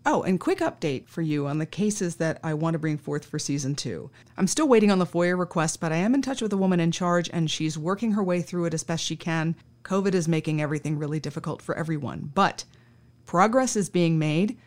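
A woman's voice: sits low, lively intonation, brisk, a little mellow. Wry woman telling a case-file story. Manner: wry, conversational, acts out dialogue. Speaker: podcast host. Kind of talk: true-crime anecdote storytelling.

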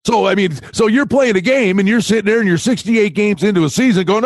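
A fairly high-voiced man co-hosting a sports betting podcast in casual chat. He talks in animated, quick bursts and often jumps in over his co-host. The sound is dry and close, with no room around it. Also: dry recording.

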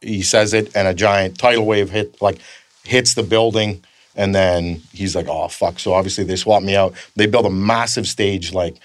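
Rambling, swearing Canadian man, low voice. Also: steady tone, moderate pace, no room sound. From northern Canada. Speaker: guest, stuntman. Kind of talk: casual anecdote telling.

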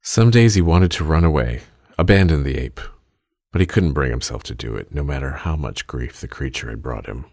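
A man narrating a fiction story in a measured, steady reading. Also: very deep voice, no echo, studio quality.

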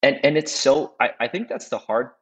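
A man's voice: mid-range voice, expressive, normal speed. A man, a custom home builder, chatting as a guest in a reflective way and often repeating words while he thinks. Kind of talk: casual conversational chat. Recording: dull sound with long reverb.

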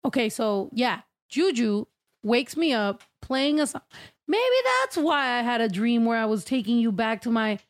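A woman's voice: on the high side, lively intonation, moderate pace. A young woman co-hosting a casual chat, rambling and swearing loosely, laughing often. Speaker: podcast co-host.

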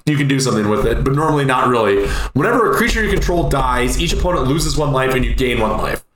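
Bright-voiced man co-hosting in an echoey room. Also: mid-range voice, expressive, fast. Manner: rambling, repeats himself, laughs easily. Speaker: podcast co-host. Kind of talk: casual chat about a card game. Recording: echoey room with faint ambient noise.

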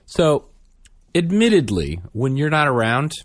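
A man's voice: fairly high pitch, very animated, a little slow, no room sound, clean studio sound. A man in his thirties, a father and podcast co-host, telling a funny story in casual chat and acting out the quotes with self-deprecating humor.

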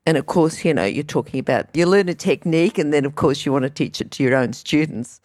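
A woman's voice: low voice, quick pace, darkish tone, dry recording, studio quality. A woman hosting an interview, thinking aloud in a rambling way. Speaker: interview host. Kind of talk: casual interview.

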